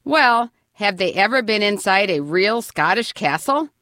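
Jovial older caretaker, woman voicing, slow, broad speech, animated lilt. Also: mid-range voice, no room sound, clean studio sound. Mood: friendly. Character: genial older man, castle caretaker.

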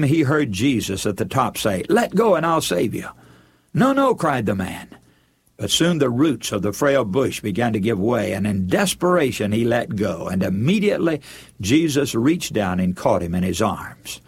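Husky-voiced man preaching a sermon. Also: medium pitch. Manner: earnest, measured preaching with emphatic rises.

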